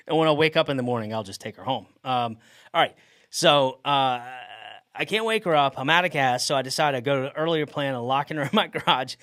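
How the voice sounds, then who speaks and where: A man's voice: mid-range voice, dry recording. Man telling a wild story, dry sound. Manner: animated, laughs often mid-sentence. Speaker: podcast host. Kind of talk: casual storytelling.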